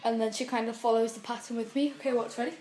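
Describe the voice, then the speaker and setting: A woman's voice: on the high side, steady tone, fast. A woman chatting casually in a home video, giggly and cooing at her cat. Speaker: vlogger. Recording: music playing in the background.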